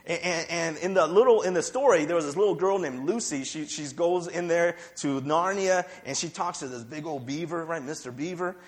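High-voiced man preaching, "right?" often. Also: a little fast, few pauses. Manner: conversational preaching, repeats words, asks "right?" often. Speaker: pastor. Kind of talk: sermon.

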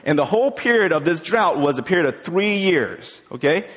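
A man's voice: a little high, lively intonation, moderate pace, a bit bright. A man preaching a sermon as a pastor, retelling a Bible story in a casual way with many fillers. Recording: long hall reverb.

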